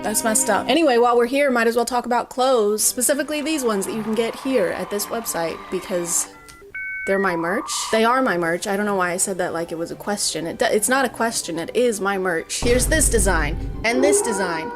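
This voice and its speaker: Woman with sarcastic, deadpan commentary. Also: on the high side, a little fast, hardly any pauses, music in the background. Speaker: host. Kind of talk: comedic commentary.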